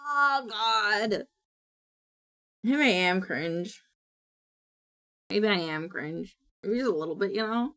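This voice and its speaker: A woman's voice: fairly low pitch, lively intonation, a little slow, pauses often. A young woman streamer chatting casually, rambling and apologetic with lots of filler words. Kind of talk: casual live-stream chat.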